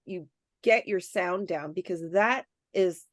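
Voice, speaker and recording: A woman programmer telling stories in a casual interview, chatty and animated, acting out the people she quotes. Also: on the low side, slow pace, no room sound, studio quality. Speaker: festival programmer, guest. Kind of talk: casual storytelling in a podcast interview.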